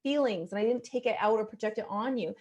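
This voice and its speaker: A woman in her forties, a relationship specialist, talking as an interview guest in an expressive, animated way. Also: fairly high pitch, lo-fi sound. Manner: expressive, animated, quick to act out inner dialogue. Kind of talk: casual interview chat.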